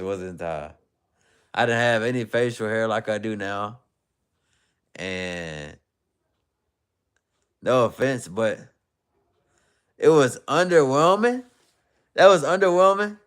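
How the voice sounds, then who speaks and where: A man's voice: fairly low pitch, clear, resonant tone. A young man casually chatting on a livestream, reading viewer comments in a loose, rambling way and laughing often. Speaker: livestream host.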